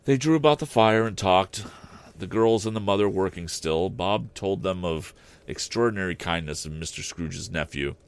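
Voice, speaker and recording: A man narrating a classic story aloud in an expressive, deliberate reading style. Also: deep voice, clear, resonant tone. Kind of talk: audiobook narration.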